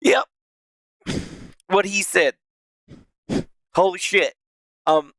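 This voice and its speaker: A man's voice: high voice, very animated, slow, pauses often, a bit bright, dry recording. A man live-streaming from a small room at home, rambling casually with lots of swearing and laughing to his chat. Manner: rambling, profane, laughs a lot.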